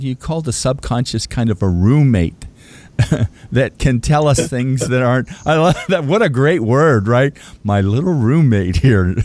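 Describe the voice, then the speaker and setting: A man's voice: medium pitch, a little mellow. A man hosting a podcast interview, asking rambling questions with frequent restarts and small laughs. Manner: chatty, laughs while asking, trailing restarts. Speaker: podcast host.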